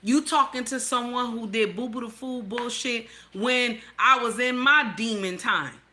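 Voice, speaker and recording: A middle-aged woman hosts a reaction video, lecturing her viewers bluntly and heatedly with heavy cursing. Her voice is a little high, pushed and bright, at a measured pace.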